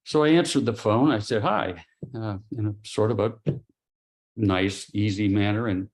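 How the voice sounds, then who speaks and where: A middle-aged man, an interview guest, giving a grave personal account in a halting way, with pauses and restarts. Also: fairly low pitch, fairly even intonation. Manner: quiet and grave. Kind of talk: personal testimony.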